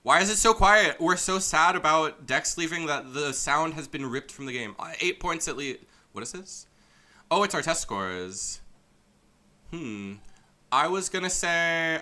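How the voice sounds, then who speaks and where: Bright-voiced young man rambling over a game. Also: on the high side. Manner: rambling, chatty, laughs often, voices characters loosely. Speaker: let's play streamer. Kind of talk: casual gameplay commentary, reading game dialogue aloud.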